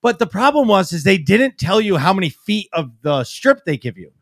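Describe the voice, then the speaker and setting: A man's voice: sits high, very animated, moderate pace, vocal fry, no room sound, clean studio sound. A man co-hosting a casual podcast, talking bluntly and swearing freely. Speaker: podcast co-host and streamer. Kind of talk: casual chat.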